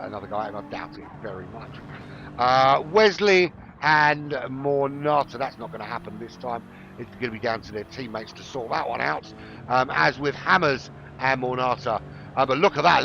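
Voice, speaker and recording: A man's voice: medium pitch, gravelly, fairly bright tone, muffled recording, slight background noise. A middle-aged man from London with a London accent, casually commentating on a sim race, chatty and prone to joking digressions. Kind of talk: rambling solo race commentary.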